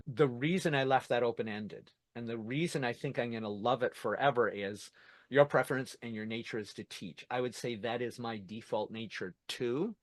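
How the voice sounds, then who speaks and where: A man's voice: medium pitch, normal speed, dry recording. A man hosting an interview podcast, talking in a reflective, thinking-aloud way. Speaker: podcast host. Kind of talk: conversational interview.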